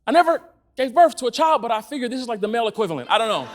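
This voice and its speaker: A man's voice: very high-pitched, very animated, very fast, a little hiss or hum. A man giving a sermon as a church team speaker, telling stories with energy, laughing and raising his voice at the peaks.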